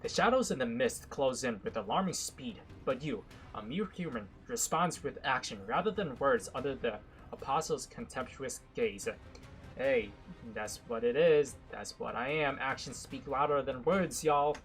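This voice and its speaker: A man reading a visual novel aloud with dramatic narration, broken by excitable, joking asides. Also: medium pitch, moderate pace, faint music behind, low-quality recording. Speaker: gaming content creator.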